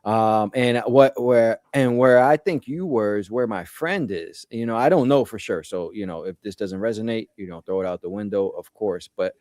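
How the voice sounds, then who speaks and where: A man talking in a relaxed, casual way about spiritual experiences, with many "you know"s and "man"s. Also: on the low side, moderate pace, hardly any pauses, no room sound. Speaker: podcast co-host. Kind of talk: casual chat explaining spiritual ideas.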